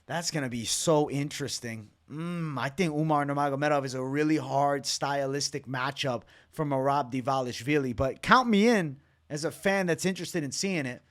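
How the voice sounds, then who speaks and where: Man, fight reaction host, slightly high-pitched, blunt and opinionated, swears a lot, late-night tired. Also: normal speed, few pauses. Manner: loose, opinionated, swears freely. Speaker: MMA reaction channel host. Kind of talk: casual fight breakdown to camera.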